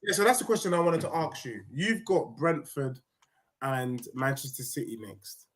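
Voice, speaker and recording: A man's voice: medium pitch, moderate pace. A male guest pundit in a casual football debate, teasing his host with pointed questions.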